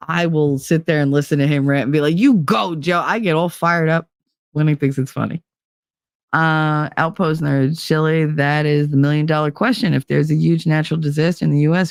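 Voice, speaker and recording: A woman's voice: low voice, no room sound. Woman, fifties, live-stream co-host, blunt emphatic rant, swears freely, dry close sound. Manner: emphatic ranting, blunt and profane.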